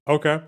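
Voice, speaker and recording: A man's voice: a little high, breathy edge. A man hosting a casual livestream, reading donations and reacting with sarcasm and swearing. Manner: sweary, sarcastic, laughs often. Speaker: livestream host.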